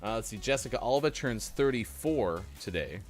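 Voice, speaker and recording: Man hosting a morning show, lively up-and-down delivery, jokey, faint music underneath. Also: lowish voice, normal speed. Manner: jokey, self-mocking. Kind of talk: casual chat, reading birthdays.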